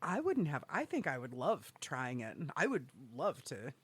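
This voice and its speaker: A woman's voice: low-pitched, normal speed, breathy edge. A woman co-hosting a podcast in casual chat, swearing freely and laughing often as she talks. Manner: profane, excitable and laughing. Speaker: podcast co-host.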